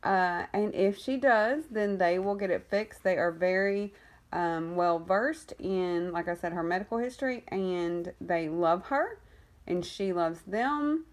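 Woman, somewhat low voice, chatty rambling update, cooing at kittens, coughing from an illness. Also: unhurried. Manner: chatty and rambling, many ums and restarts; coos affectionately at the kittens. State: getting over an illness, coughing. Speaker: cat rescuer and foster carer. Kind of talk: casual vlog update. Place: home with foster kittens.

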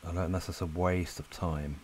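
A man rambling casually to viewers as he draws, relaxed and a little breathless. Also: sits low, moderate pace, slight background noise. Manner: relaxed, rambling, talks to viewers while drawing. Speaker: art channel host. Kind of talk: casual chat while drawing. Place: lives in Spain.

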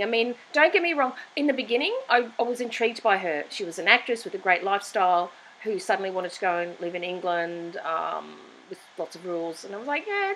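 A middle-aged woman host holding forth in a blunt, opinionated monologue. She restarts her sentences often as she rants. Her voice sits at an ordinary middle pitch. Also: fairly bright tone, a little hiss or hum, rough recording.

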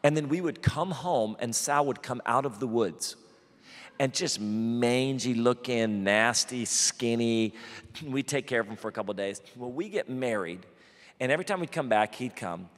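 A male pastor telling a funny personal story in a sermon, animated and self-deprecating, with quick asides. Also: mid-range voice. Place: church auditorium. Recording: large hall with long reverb.

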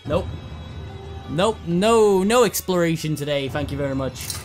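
Gamer man, high voice, jumpy horror commentary, curses and repeats himself. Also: expressive, unhurried, music in the background. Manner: nervous, swearing, repeats words in panic. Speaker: let's play gamer.

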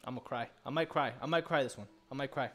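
A young man streaming live in casual chat, loud, reactive and exclaiming. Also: medium pitch, quick pace, soft background music.

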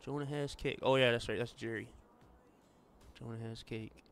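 A man's voice: medium pitch, steady tone, normal speed, gravelly, clean tone, faint music behind. A man streaming a racing game, chatting casually with viewers and friends and calling them "man" and "buddy". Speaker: gaming streamer. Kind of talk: casual gameplay chat.

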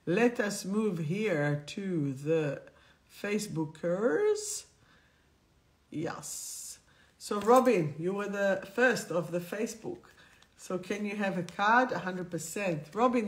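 Slow-talking woman reading affirmation cards. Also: lowish voice. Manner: reads out affirmations and repeats them, laughs often. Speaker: live-stream host. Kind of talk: live-stream card reading.

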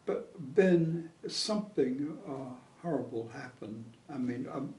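An older man being interviewed, telling old memories in a halting way with many pauses and fillers. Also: medium pitch, expressive, darkish tone, distant mic, a little hiss or hum. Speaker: interview guest. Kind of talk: reminiscing conversation. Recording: echoey room, voice off-mic.

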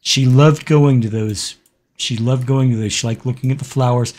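Man host, middle pitch, unhurried, halting and reflective delivery, many pauses. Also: fairly even intonation, a little mellow. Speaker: gaming channel host. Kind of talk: casual let's-play commentary with a personal story.

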